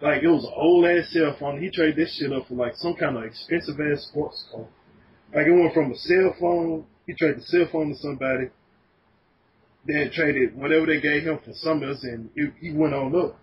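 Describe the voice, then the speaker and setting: A man's voice: fairly high pitch, normal speed. A man telling profane stories in a casual podcast chat. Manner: animated, laughing, profane storytelling. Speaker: podcast guest. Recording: dull lo-fi podcast audio with faint noise.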